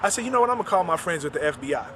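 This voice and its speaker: A man, an author, recounting a personal story and retelling the dialogue in quick back-and-forth. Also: a little high, very animated, noisy background.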